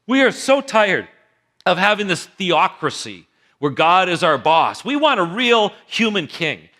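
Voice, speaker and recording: Man voicing grumbling villagers, whiny and insistent, bright high tone. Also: very animated, measured pace, heavily acted. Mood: demanding. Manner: whiny, demanding. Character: complaining crowd of fed-up villagers.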